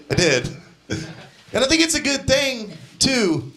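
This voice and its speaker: A young man doing a stand-up comedy set on a club stage, deadpan, now and then shouting out the lines of the people in his stories. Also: very high voice, very slow. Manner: deadpan, acts out quoted characters with shouted voices. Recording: live club set with crowd laughter. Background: audience laughter.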